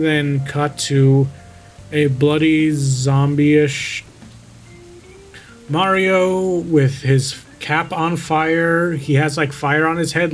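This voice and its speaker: A sarcastic man reads a horror story aloud in an unhurried, drawn-out way, cutting in again and again to poke fun at it. His voice sits a bit high for a man, and soft guitar music plays faintly underneath. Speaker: vtuber reading a creepypasta. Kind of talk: reading a story aloud with mocking commentary.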